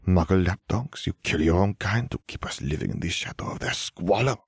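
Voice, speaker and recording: A man voicing a scornful, hissing female dark witch in an audiobook reading. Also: sits low, expressive, a little fast, breathy edge, no room sound, clean studio sound, exaggerated voice. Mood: growling. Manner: sharp, contemptuous.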